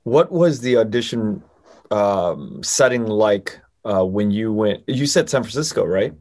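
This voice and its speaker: A man's voice: lowish voice, lively intonation, measured pace, a little mellow. A male host in a casual interview, asking engaged, curious questions.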